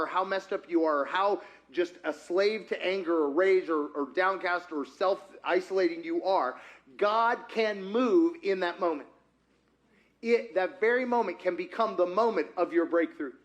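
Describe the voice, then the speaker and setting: A man preaching an interactive sermon who talks with his congregation and acts out conversations with God. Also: sits high. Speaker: pastor.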